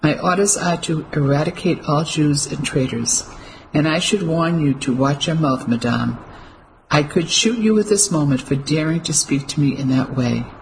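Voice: mid-range voice, moderate pace, a little hiss or hum, close to an everyday voice, poor audio. A storyteller voicing a smug, cruel male officer who taunts and threatens in an audiobook. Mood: menacing. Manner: mocking, menacing.

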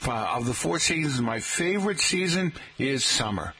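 An older man from Massachusetts with a Boston accent, talking to listeners in a loose, chatty radio monologue. His voice sits at an ordinary middle pitch, with a faint hum of background ambience. He wanders off on tangents, jokes, and restarts sentences often. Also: sing-song, normal speed, sharp tone. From Boston area, Massachusetts. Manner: rambling, jokey, many fillers and restarts. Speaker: radio talk show host.

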